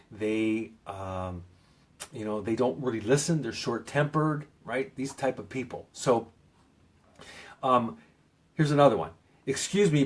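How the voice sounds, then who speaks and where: A man talking through self-help advice in a loose, rambling way, with lots of fillers and restarts, pressing hard on key points. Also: medium pitch. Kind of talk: casual advice video.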